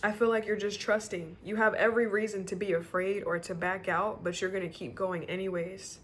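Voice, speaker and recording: A woman's voice: mid-range voice, steady tone, a little fast, slight background noise. A woman giving a casual tarot reading to camera, emotional and rambling, swearing freely and often near tears. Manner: rambling with many restarts. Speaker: tarot reader.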